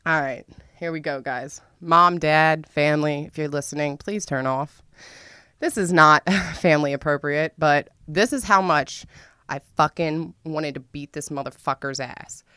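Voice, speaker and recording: A woman's voice: deep voice, measured pace, sharp tone, clear, resonant tone, no room sound, studio quality. A young adult woman telling a frank, profane story to her listeners, laughing often as she talks. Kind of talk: candid storytime monologue.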